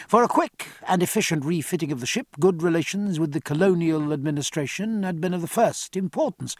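Animated male audiobook narrator. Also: fairly high pitch, no echo, clean studio sound. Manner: expressive, measured literary reading.

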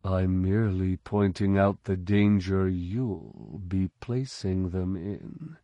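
Give me a man playing a smooth male officer, amiable and cold, low and unhurried. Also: no room sound, lo-fi sound. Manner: amiable, even, quietly menacing.

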